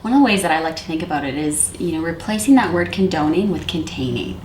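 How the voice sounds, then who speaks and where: A woman who works with high-risk youth, talking calmly and reflectively about parenting, with many fillers. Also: quick pace. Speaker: youth worker. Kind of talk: conversational discussion on parenting. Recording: echoey room with faint noise.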